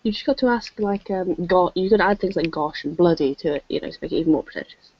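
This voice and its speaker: An English woman chatting on a video call, self-mocking and quick to laugh. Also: on the low side, slightly rough. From England. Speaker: show regular. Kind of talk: casual chat on a video call. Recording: dull lo-fi call audio.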